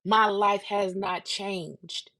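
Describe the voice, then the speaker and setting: Blunt woman in her fifties, podcast rant. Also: extremely slow. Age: 50s. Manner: blunt and animated, swings from low murmurs to loud outbursts. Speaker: podcast host. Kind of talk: casual monologue.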